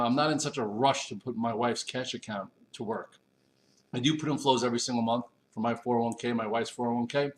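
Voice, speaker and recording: A man from Long Island, hosting a casual morning stock market livestream and giving energetic shout-outs to viewers. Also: mid-range voice, rough recording. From Long Island, New York. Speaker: stock market show host.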